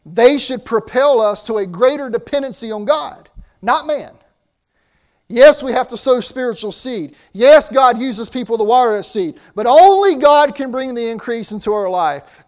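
High-pitched guy preaching, chatty sermon style, restarts a lot. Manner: conversational preaching with restarts and asides.

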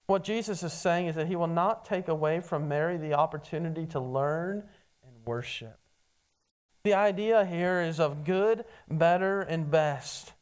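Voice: medium pitch, darkish tone. A preacher giving a conversational sermon, calling listeners "friend" and often restarting words mid-sentence. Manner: addresses listeners as friend, frequent stammered restarts.

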